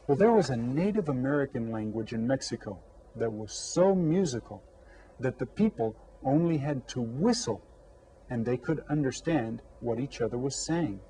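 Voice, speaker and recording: A man with a mellow, darker voice leads a scripted Spanish lesson for young children. He speaks slowly and clearly, asks questions and leaves room for answers. There is a faint hiss in the background. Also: mid-range voice, poor audio. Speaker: elementary Spanish teacher.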